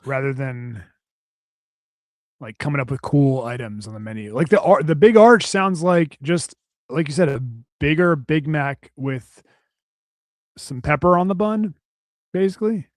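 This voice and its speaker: A man's voice: on the high side, no echo. Male podcast co-host, casual ranter, curses freely, dry studio sound. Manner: profane, ranting, rambling with restarts.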